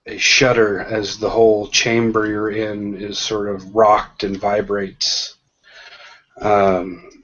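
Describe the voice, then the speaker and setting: Slow, low-voiced man narrating a game. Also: fairly bright tone. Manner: slow, hesitant narration with many ums and restarts. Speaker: game master. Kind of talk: narrating a tabletop role-playing game. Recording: dull lo-fi sound.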